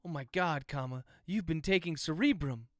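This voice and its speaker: A man voicing an alarmed young man who shouts and asks frantic questions in a dictated thriller. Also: on the high side, expressive, normal speed, no room sound, studio quality.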